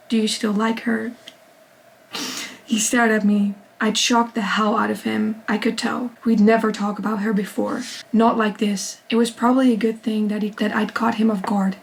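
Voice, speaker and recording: A young woman vlogger reading a novel aloud in steady first-person narration, breaking off into excited reactions. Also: medium pitch, gravelly, rough recording. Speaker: book vlogger.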